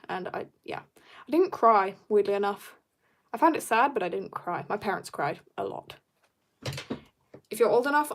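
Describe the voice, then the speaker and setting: A woman's voice: medium pitch, gravelly. A young woman chatting casually while drawing on a livestream, bubbly and joking as she reads viewer comments. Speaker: art livestreamer.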